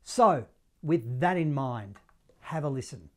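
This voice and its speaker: A man's voice: mid-range voice, takes it slowly. Jokey Australian sax teacher, man. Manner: jokey, animated, self-deprecating. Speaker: saxophone teacher. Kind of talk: upbeat online music lesson.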